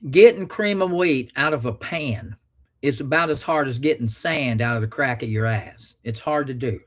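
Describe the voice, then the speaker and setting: A man's voice: mid-range voice, moderate pace, fairly bright tone. A man hosting a call-in show, talking in a folksy, rambling way with crude jokes. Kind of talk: casual call-in talk.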